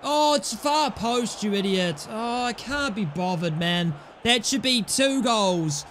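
A man's voice: sits high, expressive, takes it slowly, fairly bright tone, a little hiss or hum. A young man playing a football video game and commentating, frustrated and swearing at his players. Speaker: gaming YouTuber.

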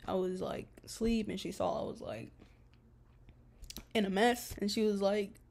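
A woman's voice: mid-range voice, steady tone, a little slow, gravelly, a little mellow. A young woman vlogging in a casual, rambling way, telling a story full of slang and "like". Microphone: camera mic.

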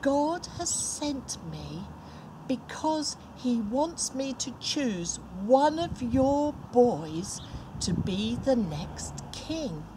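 A woman's voice: high-pitched, sing-song, drawn-out words, background noise, exaggerated voice. A woman doing a solemn old prophet. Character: prophet Samuel, solemn older man.

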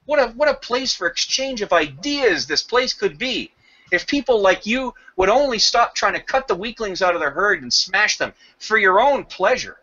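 A man with a high, bright, forceful voice tears into someone in an online voice chat. He swears freely and hammers away with rhetorical questions. The audio is dull and lo-fi. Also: expressive, normal speed. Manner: confrontational, profane, rhetorical questions. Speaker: voice chat room participant. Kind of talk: heated rant in online voice chat.

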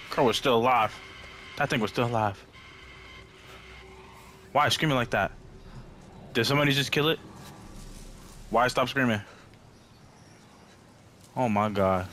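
A man's voice: medium pitch, unhurried, pauses often, fairly bright tone, a little hiss or hum. Jumpy man narrating his game. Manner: jumpy, talks to himself, easily scared. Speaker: gamer. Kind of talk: let's-play commentary.

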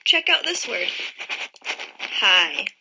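A woman teaching a phonics lesson to young children, modelling each word sound slowly and clearly. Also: a little high, expressive, pushed and bright, a little hiss or hum, rough recording.

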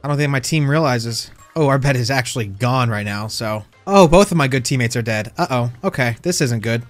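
With hardly any pauses, this gaming YouTuber talks a little fast in a mid-range voice. The recording is dry, with faint music, and his commentary mixes playful jabs at other players with surprised yelps.

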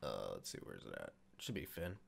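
A man's voice: very deep voice, big pitch swings, fairly quick, creaky. A young man giving casual let's-play commentary as he sets up a wrestling game, rambling, correcting himself and swearing offhandedly. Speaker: gaming YouTuber.

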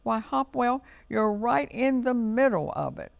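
A man voicing a cheerful, knowing male robin in a children's storybook, who talks in a brisk, amused, explaining way. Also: sits high, expressive, gravelly, no echo, heavily acted.

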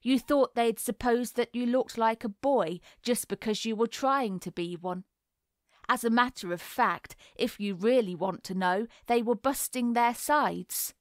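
A woman reading the part of a smug young schoolboy who taunts and mocks, in a slow, boastful way. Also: fairly high pitch, no room sound, clean studio sound, close to an everyday voice. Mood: taunting. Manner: gloating, mocking, boastful. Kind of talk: audiobook character reading.

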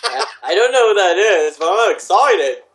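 A man's voice: high-pitched, expressive, normal speed, roomy sound, a crowd in the background. A man on a group call, joking and cheering a friend on. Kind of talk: casual chat on a group call.

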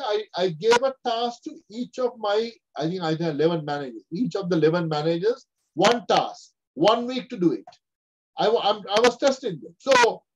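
Older guy lecturing on a call, bouncy high voice all over the place, kinda muffled audio. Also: slight background noise. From Sri Lanka. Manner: animated, acts out characters with quoted voices. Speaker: webinar speaker. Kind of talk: lively lecture.

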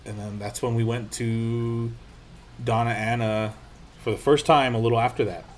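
Animated young man telling a ghost story. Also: medium pitch, moderate pace, a little hiss or hum. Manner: animated storyteller, swears freely, acts out quotes. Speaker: podcast co-host. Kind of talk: casual storytelling chat.

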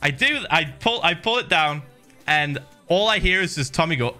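A man streaming, telling a story in an animated way, swearing and laughing freely. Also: a little high, moderate pace, soft background music. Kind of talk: animated storytelling to a live chat.

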